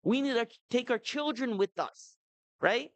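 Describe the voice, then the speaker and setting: A man's voice: extremely high pitch, expressive, unhurried, dry recording, poor audio. A man in his thirties giving a talk to parents at a community event, chatty, with many asides to the audience. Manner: conversational, many "you know" and "right?" asides. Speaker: speaker at a family seminar.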